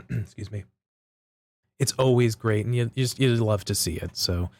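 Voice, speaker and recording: Man, low voice, measured, casual podcast co-host. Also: darkish tone. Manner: measured, recaps step by step with fillers like "type of thing". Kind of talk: casual wrestling chat.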